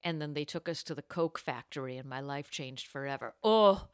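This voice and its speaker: A woman's voice: deep voice, normal speed, smooth, no room sound, studio quality. A young woman co-hosting a podcast, chatting casually and telling anecdotes with frequent laughter. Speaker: podcast co-host. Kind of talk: casual chat, storytelling.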